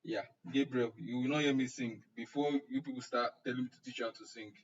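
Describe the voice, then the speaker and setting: A man's voice: medium pitch, steady tone, quick pace. Joking Nigerian man on muffled stream. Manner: chatty and joking, answering chat comments by name. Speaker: online class instructor. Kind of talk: casual chat with a live-stream audience. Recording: muffled, distant live-stream audio.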